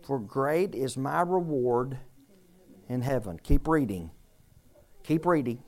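Slow, animated and a bit dark in tone, this medium-pitched voice comes from an older preacher. In church he teaches scripture through an interactive sermon, asking the congregation questions and teasing them emphatically.

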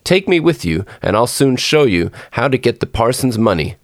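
A man's voice: medium pitch, big pitch swings, normal speed, no room sound, studio quality, lightly acted. A man voicing a tiny, bold and playful boy in a storybook reading, with a chirpy, cheeky voice. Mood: bawling.

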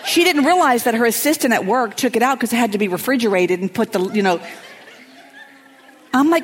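A middle-aged woman, a pastor's wife telling lively stories from a stage and acting out her friend's voice. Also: fairly quick, slight background noise. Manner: animated, acts out friends' voices with big pitch jumps. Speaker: pastor's wife speaking at a women's church event. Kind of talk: lively storytelling talk. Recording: hall reverb, from stage mic.

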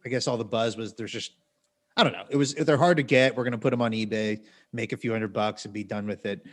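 A man's voice: fairly low pitch, fast talker. A man co-hosting a podcast, telling a long story in a rambling, wry way full of self-corrections and asides. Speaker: podcast co-host. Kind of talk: casual storytelling.

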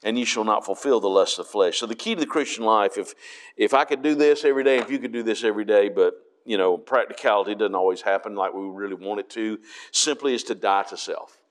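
A man's voice: fairly low pitch, fast talker. A man preaching a Bible study, reading verses aloud and explaining them with frequent restarts.

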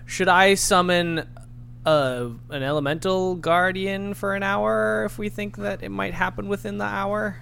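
A man playing a tabletop role-playing game, chatting casually and asking animated rules questions. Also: high voice, vocal fry, slight background noise. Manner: animated, quick questions and laughs.

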